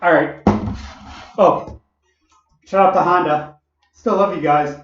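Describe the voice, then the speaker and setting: Speaking at a moderate pace in a steady, slightly high voice, a man rambles through a personal story full of digressions, fillers, asides and laughter. Faint music plays behind him, and the audio is roomy, distant and dull.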